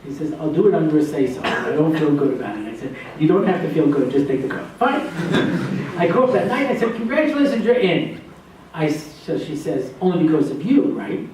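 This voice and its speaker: A man with a fairly high voice tells a story to students, acting out each character's lines with sudden jumps in pitch. He sounds set back from the mic in a very echoey hall. A faint noise sits under the sound, and laughter rises from the listeners. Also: animated, fast, darkish tone, recorded from a distance. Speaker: rabbi and lecturer. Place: lecture hall with laughing audience. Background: audience laughter.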